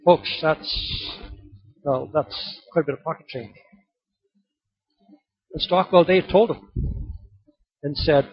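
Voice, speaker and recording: A man preaching a sermon, telling a story and then calling loudly on the congregation to open their Bibles. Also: fairly high pitch, takes it slowly, long pauses, slightly rough, highs cut off. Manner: storytelling, building to loud exhortation. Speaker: pastor.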